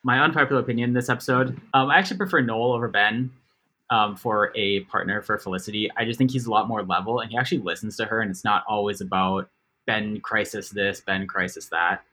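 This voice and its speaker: Male co-host, casual chat, wry asides, bright tone. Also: lowish voice, quick pace. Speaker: podcast co-host.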